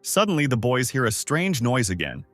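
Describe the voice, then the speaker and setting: A man's voice: mid-range voice, moderate pace, no echo, soft background music. A man narrating a comic story recap in a scripted storytelling voice. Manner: steady storytelling voice that swings into character voices.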